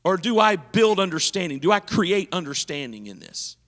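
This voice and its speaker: Give me a lively, bright-voiced man teaching a church audience. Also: high voice, moderate pace, big-room sound. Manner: engaging, asks the audience questions. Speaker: leadership seminar speaker. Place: church hall.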